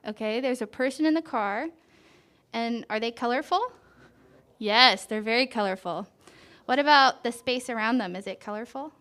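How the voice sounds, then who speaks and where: A woman reading a picture book aloud to children at a church service, gently asking them questions as she goes. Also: on the high side, normal speed. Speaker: children's story reader.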